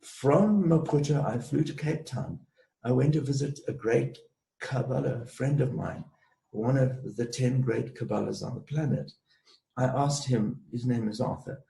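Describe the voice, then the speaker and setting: A man telling a personal story as a guest in an interview, in a measured storytelling way. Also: mid-range voice, vocal fry, warm tone, roomy sound, low-quality recording. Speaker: guest, space clearer and healer.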